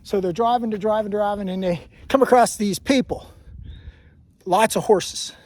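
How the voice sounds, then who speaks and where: High-voiced man vlogging on a trail. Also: moderate pace, darkish tone. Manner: rambling, self-correcting storyteller. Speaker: hiking vlogger. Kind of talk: casual walking history talk. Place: outdoors on a mountain trail.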